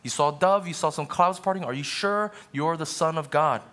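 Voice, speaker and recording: A man's voice: a little high, brisk, a bit bright, lightly acted. A man voicing a taunting male devil who mocks and needles with doubting questions.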